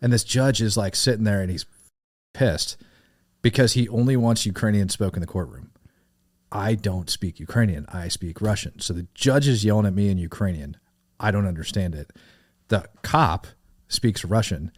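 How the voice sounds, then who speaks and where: A middle-aged man telling a wild story in casual podcast chat, animated and profane, laughing as he goes. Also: lowish voice, moderate pace. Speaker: podcast guest.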